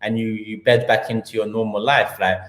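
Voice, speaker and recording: In an echoey room, a London-accented man hosts a live football talk stream, heated and slangy as his points pile up. His voice is lowish and fairly bright in tone, delivered flatly at a brisk clip.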